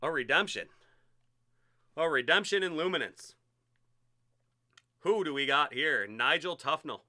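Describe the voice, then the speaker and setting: A man hosting a live-streamed sports card break, chatty and excitable as he hypes each card he pulls. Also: on the high side, a little slow.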